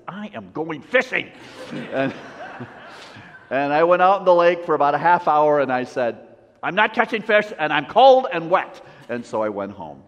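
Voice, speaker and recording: A male pastor preaching slowly, his pitch swinging widely between rising storytelling and hushed, tender passages. His voice carries a long hall reverb, and the recording sounds slightly dull and lo-fi. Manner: storytelling, lively with soft intimate drops. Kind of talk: sermon.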